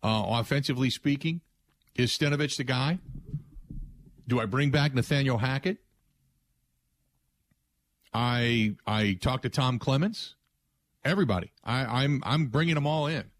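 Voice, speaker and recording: A man's voice: medium pitch, unhurried, pauses often, dry recording. A man hosting sports talk radio, delivering a blunt, emphatic opinion monologue with frequent restarts.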